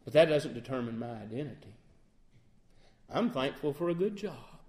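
A man's voice: mid-range voice, animated, moderate pace, darkish tone. A middle-aged man preaching a sermon in an earnest way, often asking his listeners questions and acting out sample phrasings. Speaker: lay preacher.

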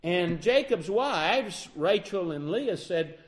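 A man's voice: high-pitched, lively intonation, unhurried. A man retelling a Bible story in a conversational way, with fillers and self-corrections.

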